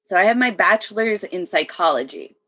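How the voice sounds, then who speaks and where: A woman's voice: medium pitch, animated, a little fast, pushed and bright. A woman in her thirties, a military veteran, talking as a guest in a casual chat and often laughing between sentences. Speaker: podcast guest.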